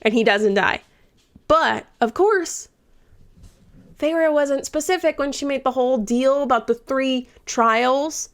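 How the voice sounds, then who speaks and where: Chatty young woman with a higher voice. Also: takes it slowly. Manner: chatty, swears freely, drops into whispered asides. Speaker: book reviewer. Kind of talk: casual book recap.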